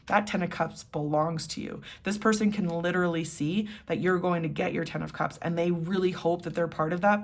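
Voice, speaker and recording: A woman's voice: on the low side, vocal fry. A woman doing a casual tarot reading, chatty and giggly, with lots of "like". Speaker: tarot reader.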